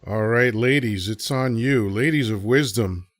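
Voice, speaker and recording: A man's voice: medium pitch, unhurried, no room sound. A man hosting a live audio show, talking casually to listeners and throwing out rhetorical questions. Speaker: podcast host.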